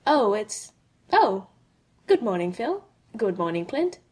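Calm amused woman, teasing softly, husky voice, read by a lady. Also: mid-range voice, slow, heavily acted. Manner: soft, amused.

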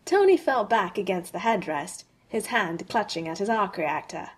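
Lady reading fanfic aloud, husky, calm and even. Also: mid-range voice, normal speed, hardly any pauses. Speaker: audiobook reader. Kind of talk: fanfic audiobook narration.

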